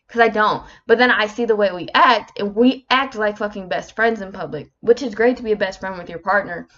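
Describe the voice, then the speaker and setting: A woman's voice: mid-range voice, fairly quick, fairly bright tone. A woman in her twenties hosting a casual solo podcast, talking candidly, animatedly and swearing constantly. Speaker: podcast host. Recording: slightly muffled lo-fi recording.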